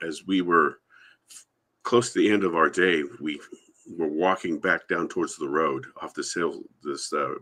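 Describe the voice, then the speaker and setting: A man from the Yakama Reservation in Washington, USA, a Sasquatch researcher, guests on a live podcast over a remote call. His bass voice is a little slow and a bit bright as he tells a long, rambling anecdote, acting out the quoted voices.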